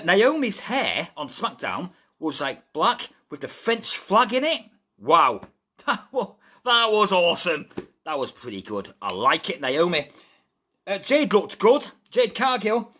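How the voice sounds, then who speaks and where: A chatty man hosts a live wrestling news stream from home, calling his viewers "guys" and getting excited over every story. His voice is bright and forward, with a pitch that swings up and down a lot. He is feverish, but he keeps the talk going. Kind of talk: casual wrestling news chat.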